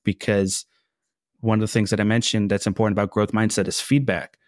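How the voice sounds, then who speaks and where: A man's voice: on the low side, flat delivery, fairly quick, dry recording, studio quality. A man as a mindset coach guest on a podcast, earnest and explanatory with frequent fillers. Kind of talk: casual interview chat.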